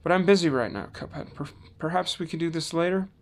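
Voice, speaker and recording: A man's voice: fairly high pitch, fast, pitched above the performer's own voice, close to an everyday voice. A man voicing a fussy, distracted male cup professor in a storybook reading, with a prim, busy manner.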